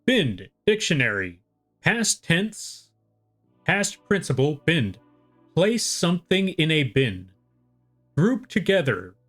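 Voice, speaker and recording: A young American man talks off the cuff to his live-stream viewers as he draws, wandering from thought to thought and teasing himself along the way. His voice sits a little high for a man. Soft music plays quietly underneath. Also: big pitch swings, slow pace, pauses often. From United States. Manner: rambling, self-deprecating, chats with viewers. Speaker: art streamer. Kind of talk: casual live-stream chat while drawing.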